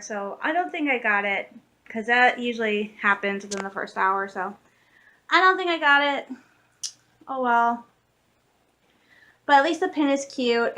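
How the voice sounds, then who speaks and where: A young woman from Michigan talks casually to her viewers in a daily vlog. Her voice is bright and a little high, and she tells stories in an excitable, rambling way. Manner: chatty, excitable storytelling with laughs. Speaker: vlogger.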